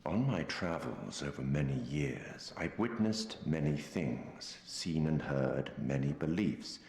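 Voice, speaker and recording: An actor playing a mysterious, urbane male storyteller with a theatrical, measured delivery. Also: rumbling low, expressive, vocal fry, darkish tone, slight background noise, heavily acted. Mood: sly. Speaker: game narrator. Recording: roomy hall reverb.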